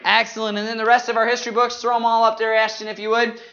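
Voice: mid-range voice, monotone, fast, fairly bright tone, highs cut off. A Bible class leader running a group memory drill, talking energetically and often saying "man".

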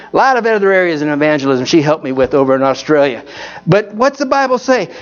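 Man, Baptist preacher, folksy sermon, high-pitched voice, dull lo-fi recording. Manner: folksy, keeps asking amen.

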